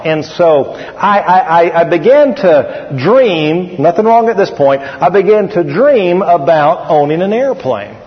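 A middle-aged man preaches a folksy sermon and calls on the congregation. His voice sits a bit high. The recording is muffled, with a long hall reverb. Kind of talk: sermon storytelling. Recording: dull echoey hall recording.

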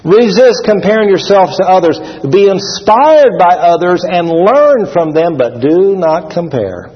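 A male preacher delivers a lively sermon, his voice swinging widely in pitch and sitting a little high for a man. He acts out little scenes with shouts and laughter. The sound is dull and carries a long echo from a large church hall. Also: measured pace.

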